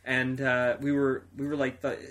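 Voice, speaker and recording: A man's voice: medium pitch, monotone, moderate pace, fairly bright tone, slight background noise. A man co-hosting a casual podcast chat, eagerly telling a short anecdote. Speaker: podcast co-host.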